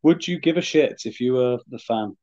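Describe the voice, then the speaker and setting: A man co-hosting a podcast, rambling through a casual sports chat with halting restarts. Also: medium pitch, a little mellow. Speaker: podcast co-host. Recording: dull lo-fi sound.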